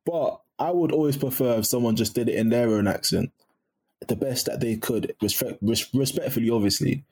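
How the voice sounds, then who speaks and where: A man's voice: medium pitch, a little fast, darkish tone, breathy edge. A young man talking as a podcast guest in a casual, chatty way with frequent restarts and laughs.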